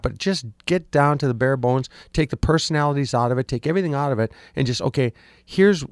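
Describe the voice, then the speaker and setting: A man's voice: medium pitch, a little mellow, no room sound, studio quality. A man coaching hockey, answering questions in a casual interview, rambling with lots of restarts and fillers, his voice a little worn. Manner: rambling, repeats words, frequent ums. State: slightly lost voice.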